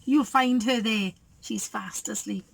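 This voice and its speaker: A woman voicing a clever fat red hen in a storybook reading, calm and persuasive. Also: fairly high pitch, a little slow, gravelly, breathy edge, exaggerated voice.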